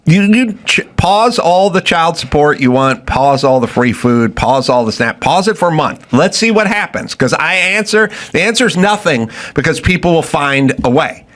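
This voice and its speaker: A man's voice: fairly high pitch, expressive, normal speed, hardly any pauses, fairly bright tone. A man hosting a podcast, ranting in blunt, profane and sarcastic commentary. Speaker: podcast host.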